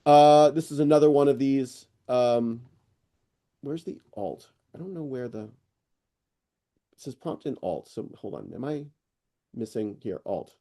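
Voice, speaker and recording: A middle-aged man hosting an online AI news session, rambling and excitable, with lots of fillers and restarts. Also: medium pitch, a little slow, long pauses. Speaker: host presenting AI news. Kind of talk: casual screen-share walkthrough on a live call.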